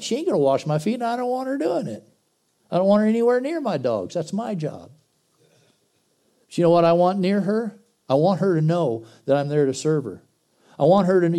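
A middle-aged man preaching a sermon as pastor, folksy and blunt, moving between loud exhortation and quiet intensity. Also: fairly high pitch.

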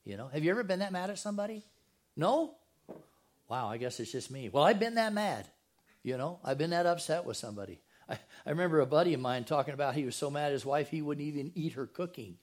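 A man delivers a sermon in a church. His voice sits a little high for a man, and he keeps it casual and joking, tossing questions to the people in front of him. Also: lively intonation, quick pace. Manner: casual, joking, talks straight to the congregation. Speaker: pastor. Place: church sanctuary.

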